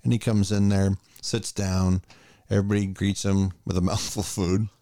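A man with a very low, gravelly voice walks through a movie's plot in casual podcast chat. His tone is dark and mellow, recorded dry and close. He jumps into the characters' lines as he retells the scenes. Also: moderate pace, no echo. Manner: animated retelling, acting out lines. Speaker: podcast co-host.

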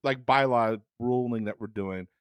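A man's voice: medium pitch, unhurried, clear, resonant tone, dry recording. A man co-hosting an improv comedy podcast, rambling earnestly between teasing bursts. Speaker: podcast co-host. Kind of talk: casual improv podcast chat.

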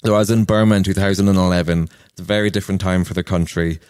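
Deep-voiced man from Ireland, reflective. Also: flat delivery, racing, darkish tone, clean tone, no room sound, studio quality. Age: 30s. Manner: earnest, personal, anecdotal. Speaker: interview guest. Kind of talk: reflective storytelling in conversation.

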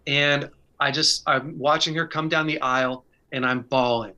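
A man's voice: mid-range voice, fairly even intonation, normal speed, sharp tone, clear, resonant tone, highs cut off. A man teaching in a casual, conversational way and sharing his own story, earnest and candid, with short bursts and restarts. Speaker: faith speaker sharing advice.

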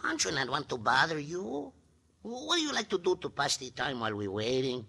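An actor playing a jolly, clumsy Mexican sidekick with a Mexican Spanish accent, broken English and a giggle, in an old radio western. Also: male voice, fairly high pitch, big pitch swings, moderate pace, gravelly, bright, forceful tone, slightly rough, exaggerated voice. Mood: coaxing. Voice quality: broken English, speaks of himself by name, giggly. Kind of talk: 1950s radio western acting. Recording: hissy old radio transcription.

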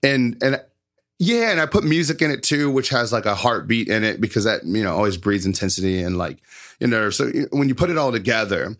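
A man talking casually about advertising as a guest, in a loose, animated and profane storytelling manner. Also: on the low side, brisk. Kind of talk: casual explanatory talk.

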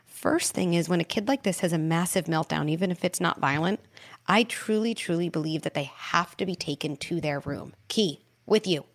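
A woman hosting an advice call-in show, talking parents through tantrums in a warm, animated way and acting out playful scripts. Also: lowish voice, normal speed. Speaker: parenting expert, show host.

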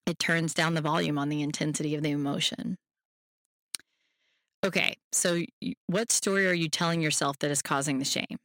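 Gentle, reassuring podcast host, dry close sound. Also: mid-range voice, steady tone, moderate pace, no room sound. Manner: gentle, reassuring, addresses the listener directly. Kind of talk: self-help podcast talk.

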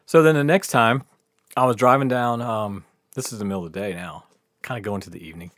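A man's voice: lowish voice, fast, a bit bright, no room sound, clean studio sound. A man telling a wild story in casual chat, laughing often, swearing freely and acting out what people said. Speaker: podcast host telling a story.

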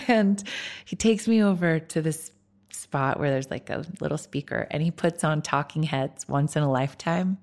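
A woman's voice: deep voice, moderate pace, a little mellow. A woman film director as a guest in an interview, talking candidly and casually with frequent laughs and fillers.

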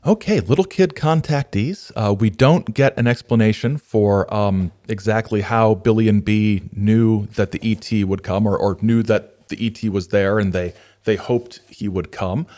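Guy with a lowish voice, umms a lot, chats then reads a kids' rhyming book. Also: moderate pace, hardly any pauses. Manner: hesitant, many fillers, lively when reading verse aloud. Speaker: podcast host. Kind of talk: casual commentary and storybook reading.

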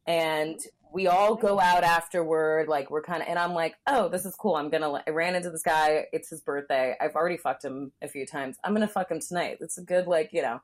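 A woman's voice: low-pitched, steady tone, brisk, hardly any pauses. A young woman chatting casually and frankly, with lots of fillers, acting out what people said. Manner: candid and frank, many fillers, acts out quotes. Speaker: guest telling a story. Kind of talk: casual chat.

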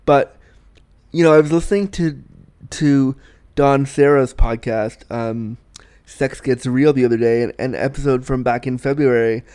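A young man hosting a podcast, answering a listener's question in a frank, animated, self-deprecating way. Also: medium pitch, measured pace, clear, resonant tone. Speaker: podcast host. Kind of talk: candid advice chat.

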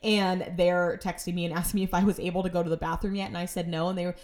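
A woman's voice: on the low side, little pitch movement, quick pace, a little mellow. Chatty woman telling home stories. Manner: chatty, exasperated, sarcastic asides. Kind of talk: casual storytelling monologue.

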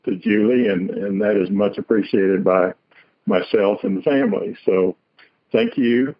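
A man with a Southern US accent phones in to a radio show, courteous and a little playful. His pitch swings widely as he drawls. The call sounds dull and dry. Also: animated, unhurried, no room sound. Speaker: caller, the host's husband.

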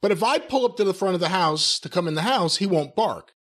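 A man's voice: sits high, lively intonation, brisk, a bit bright. A man co-hosting a podcast, wry and joking as he steers the casual chat between topics. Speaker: podcast co-host.

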